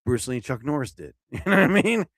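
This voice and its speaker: A man hosting his own live show, rambling casually and exclaiming loudly as he talks. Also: medium pitch, big pitch swings, quick pace, no echo, clean studio sound. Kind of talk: casual live-stream monologue.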